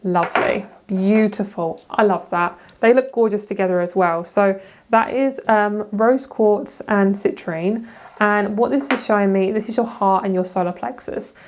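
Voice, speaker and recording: A woman's voice: mid-range voice, a little slow. A young woman talks through a casual tarot reading to camera. She is loose and chatty, drops swear words freely and laughs at her own slips. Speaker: tarot reader.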